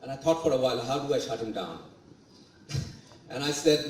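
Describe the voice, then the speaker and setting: A man's voice: medium pitch, expressive, normal speed, long pauses, slight background noise. A man in his forties with a Bangladeshi accent giving a motivational speech, telling stories and acting out what others said to him. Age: 40s. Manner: storytelling, acting out quoted remarks. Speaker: guest speaker. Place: large event hall. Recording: echoey hall, mic at a distance.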